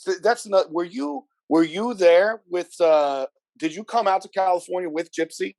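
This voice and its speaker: A man's voice: sits high, normal speed, darkish tone. A man hosting an interview, casually asking questions and stumbling over restarts as he goes. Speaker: podcast host interviewer.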